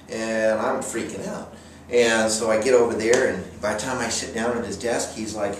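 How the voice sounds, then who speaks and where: A man's voice: mid-range voice, fairly quick, slight background noise. Exasperated man telling a comic story. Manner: exasperated, deadpan sarcasm. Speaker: vlogger. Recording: echoey room, distant mic, faint ambience.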